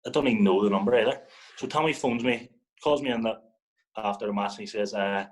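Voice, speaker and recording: A man's voice: lowish voice, quick pace, poor audio. A young man, a football guest telling a story in casual chat, swearing and acting out what others said. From Northern Ireland. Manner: animated, swears, acts out other people's lines.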